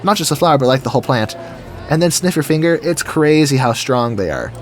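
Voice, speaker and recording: A man's voice: a little high, sing-song, a little fast, soft background music. A man giving casual, goofy commentary while building in a game, chatting to himself as he goes. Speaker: gaming video creator. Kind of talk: casual let's-play commentary.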